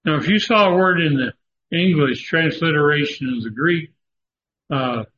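A man teaching a Bible study lecture, halting often with fillers and stressing words for emphasis, on a dull lo-fi recording. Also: on the high side, a bit bright. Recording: dull lo-fi recording with faint noise.

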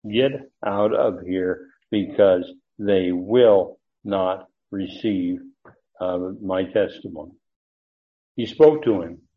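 A man with a fairly low voice leads a verse-by-verse Bible study, pausing often on fillers and restarting his sentences. The sound is thin and tinny, as over a phone line. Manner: halting, frequent fillers and restarts. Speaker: Bible teacher.

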